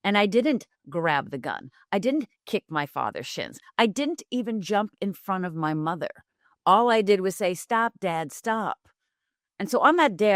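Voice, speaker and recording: A middle-aged woman from Upper Michigan speaks in a lowish voice, retelling her life story vividly and acting out the people in it. Her voice is recorded dry and close, with no room sound around it. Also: a bit bright, no room sound. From Upper Michigan, USA. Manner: vivid, dramatic retelling with acted-out quotes. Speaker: guest, life coach. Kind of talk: candid storytelling interview.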